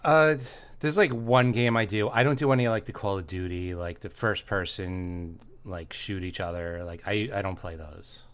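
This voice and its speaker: A man's voice: low-pitched, normal speed, few pauses, a bit bright, smooth. A man co-hosting a casual comedy podcast, laid-back and laughing at his own stories. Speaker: podcast co-host.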